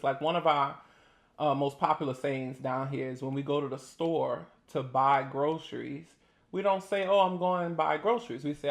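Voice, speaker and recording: New Orleans man host, higher voice, relaxed talkative myth-busting chat. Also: gravelly. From New Orleans, Louisiana. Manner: relaxed, talkative, laughs often. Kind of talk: casual chat while eating.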